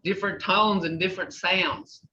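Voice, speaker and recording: Older woman with an Oklahoma accent, chatty teacher, bright tone, heard distant and dull over a roomy video call. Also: lowish voice, fairly even intonation, normal speed. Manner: chatty, laughs often, acts out sounds. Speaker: language teacher. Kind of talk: casual class talk.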